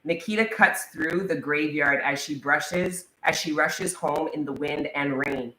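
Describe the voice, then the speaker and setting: A woman giving a casual tarot reading in a chatty manner, swearing freely and reading the card text slowly. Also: deep voice, pushed and bright. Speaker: tarot reader. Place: indoors, room with a live wasp. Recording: echoey room, faint background noise.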